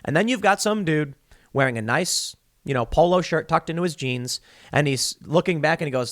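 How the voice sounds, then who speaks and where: A man's voice: on the high side, lively intonation, moderate pace, a bit bright, no echo, studio quality. Emphatic man delivering political commentary. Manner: emphatic, argumentative, builds extended analogies. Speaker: podcast host.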